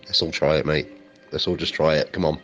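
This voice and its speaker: A man in improvised comic chat, delivering absurd claims in a deadpan, matter-of-fact way. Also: rumbling low, a little fast, muffled recording, soft background music.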